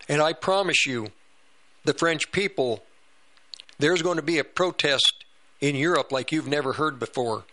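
A man's voice: on the high side, moderate pace, pushed and bright. A man hosting a political talk radio show, rambling and repeating himself as he comments.

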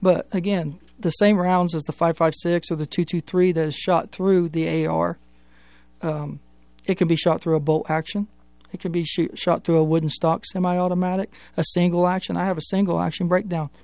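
Man, Southern US accent, folksy, plain-spoken, interview guest, slightly high voice, dry sound. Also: flat delivery, normal speed, vocal fry, a little mellow, no room sound. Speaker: firearms instructor guest.

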